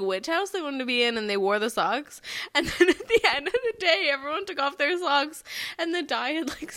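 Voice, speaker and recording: Young woman, podcast co-host, excitable, laughs often, bright voice, slightly high. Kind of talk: casual chat.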